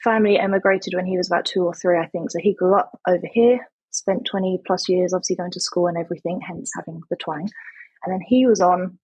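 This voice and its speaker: A woman's voice: on the low side, steady tone, quick pace, darkish tone, breathy edge, no echo, poor audio. A woman in her thirties with an English accent, telling a story in a chatty, self-mocking way as a podcast guest. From England. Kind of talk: casual interview chat.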